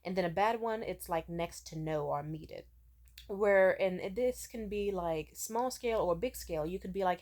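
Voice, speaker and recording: Chatty young woman, lowish voice. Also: normal speed, a little mellow. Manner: chatty, swears freely, mimics people in quotes; many filler "like"s and restarts. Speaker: vlogger. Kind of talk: casual storytelling to camera.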